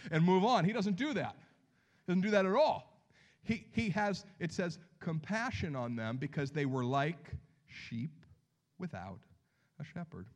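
A pastor with a high voice preaches a sermon at normal speed, telling the story with lively acted-out voices. For emphasis he drops into hushed near-whispers.

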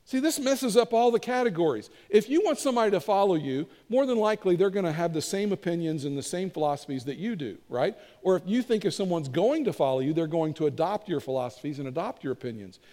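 High-voiced pastor preaching in a reverberant hall. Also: male voice, expressive, fast talker, hardly any pauses, mellow. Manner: conversational storytelling with acted quotes. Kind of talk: sermon.

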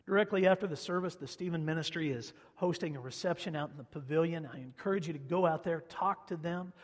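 Man preaching in an echoey hall. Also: a little high. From Kansas. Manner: conversational storytelling, repeats phrases for emphasis. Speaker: pastor. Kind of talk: sermon.

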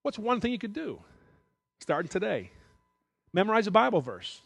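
Lively, high-voiced man preaching candidly. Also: normal speed, gravelly, no echo. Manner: candid, emotional, conversational preaching. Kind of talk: sermon.

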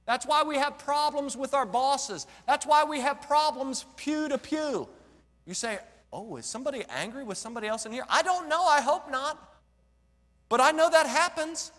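A male pastor preaching a sermon in an animated way, joking and asking the congregation rhetorical questions. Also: extremely high pitch, unhurried, big-room sound.

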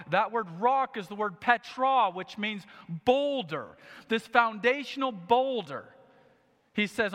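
A man's voice: high-pitched, animated, unhurried, a bit bright. A man preaching a sermon, telling a story with animation and acting out the quotes. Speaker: pastor. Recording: long hall reverb.

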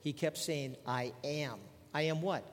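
A man's voice: fairly high pitch, measured pace, long reverb tail. An older man preaching a sermon in a conversational way, asking his listeners rhetorical questions. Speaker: pastor.

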